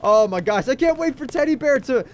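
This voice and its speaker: High-voiced excitable young man. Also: brisk, slight background noise. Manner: excitable, goofy, talks to a teddy bear. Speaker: gaming YouTuber. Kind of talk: game commentary.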